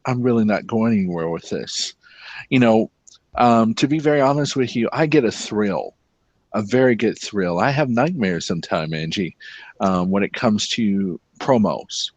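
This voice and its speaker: Low-voiced male guest, easygoing conversational read, dry close sound. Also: lively intonation, measured pace, no echo, muffled recording. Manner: easygoing, chatty, drops into a smooth announcer voice. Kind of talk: casual chat.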